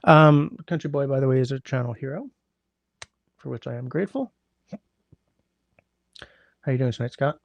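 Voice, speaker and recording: A man's voice: medium pitch, moderate pace, vocal fry, pauses often, dry recording. A man hosting a casual livestream from home, rambling, greeting viewers by name and humming while he scrolls, his sinuses congested. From Canada. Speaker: livestream host. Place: indoors at home.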